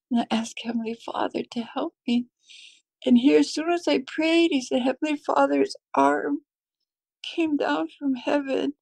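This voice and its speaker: A woman's voice: on the high side, vocal fry, a little mellow, dry recording. A middle-aged American woman telling a heartfelt personal faith story, emotional and tearful at times. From United States. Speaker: guest sharing a faith testimony.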